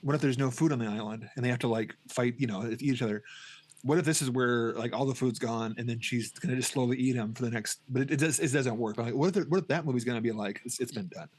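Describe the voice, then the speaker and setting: This podcast co-host, a middle-aged man, reviews a film in loose, casual conversation, talking quickly with a darkish tone at a middling pitch. His delivery wanders, stumbles through frequent restarts, and breaks into acted-out scenes.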